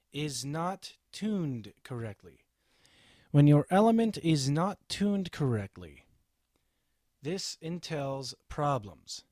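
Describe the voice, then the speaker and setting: Blunt deep-voiced man reviewing mics. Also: darkish tone, no echo. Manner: blunt and opinionated, with frequent "okay?" check-ins. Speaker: microphone reviewer. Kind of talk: casual gear review vlog. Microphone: close studio microphone.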